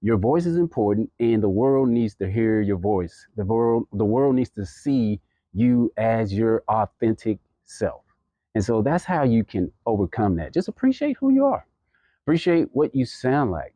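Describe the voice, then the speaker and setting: This man's warm, low-leaning voice is animated yet a little slow as he gives heartfelt, supportive advice to camera. A podcast creator, he stumbles through plenty of fillers and restarts in this casual pep talk, recorded without room sound.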